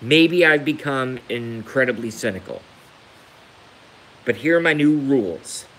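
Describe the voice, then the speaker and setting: A man's voice: mid-range voice, lively intonation, unhurried, a bit bright, rough recording. Man ranting with emphatic repetition. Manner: emphatic and repetitive, hammering points home. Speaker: livestreamer. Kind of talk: emotional rant on a live stream.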